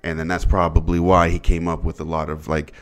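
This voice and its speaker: Man, very deep voice, casual podcast chat, rambling, emphatic bursts. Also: little pitch movement, brisk, clean tone. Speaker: podcast co-host.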